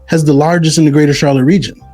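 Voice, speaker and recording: A man co-hosting a real estate talk, easygoing, explaining the local market in measured asides. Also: fairly high pitch, fairly even intonation, a little mellow, soft background music. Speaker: real estate agent, co-host. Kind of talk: casual chat and market advice.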